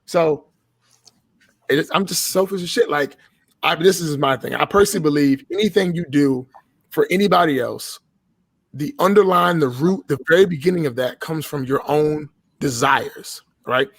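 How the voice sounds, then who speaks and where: A man tells his stories with blunt, profane emphasis. His voice sits a little high for a man. The sound is dry and close, with no room around it. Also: moderate pace, no echo. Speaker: podcast guest. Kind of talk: casual podcast chat.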